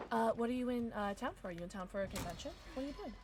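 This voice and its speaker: A young woman streams a game and chats with viewers, her voice riding high and swinging widely in pitch. She talks in an excitable, chatty way. Faint noise sits underneath. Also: rapid-fire, hardly any pauses. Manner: excitable, chatty, reacting to chat and gameplay. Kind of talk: casual gaming livestream chat.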